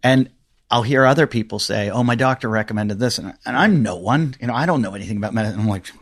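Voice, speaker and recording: A man hosting a podcast in a loose, conversational way. He is originally from Pittsburgh. His voice sits at a middling pitch, and he tells stories with profane, animated humor. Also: fast talker. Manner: animated, profane, jokey storytelling. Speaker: podcast host. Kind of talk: casual interview chat.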